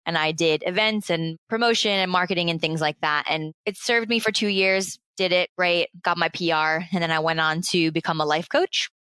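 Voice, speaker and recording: American woman, late 30s, interview guest, smooth low voice, dry close sound. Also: no room sound. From United States. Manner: lively, chatty, laughs often. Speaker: guest, founder of a play consultancy. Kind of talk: casual interview storytelling.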